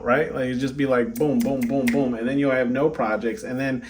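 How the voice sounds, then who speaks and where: A man's voice: medium pitch, a little slow, fairly bright tone, far from the mic, slight background noise. A man giving a casual oracle card reading, chatty, peppering his talk with "right?" and "okay?". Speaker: tarot reader.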